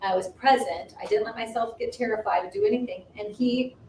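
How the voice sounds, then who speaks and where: A woman's voice: on the high side, a little fast, dark tone. A woman co-hosting a ministry livestream, earnestly telling a personal faith story with many restarts. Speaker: ministry co-host. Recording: roomy distant livestream audio, faint noise.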